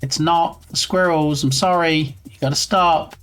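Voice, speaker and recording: A man's voice: on the high side, fairly even intonation, a little slow, fairly bright tone, clean tone, faint music behind. A man chatting casually on his game development live stream, playful and reading viewer messages aloud.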